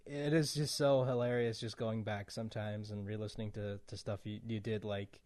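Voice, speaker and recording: A man's voice: fairly low pitch, little pitch movement, moderate pace, darkish tone. A man hosting a podcast, chatting casually and enthusiastically with his guest and laughing often. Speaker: podcast host. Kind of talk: casual interview chat.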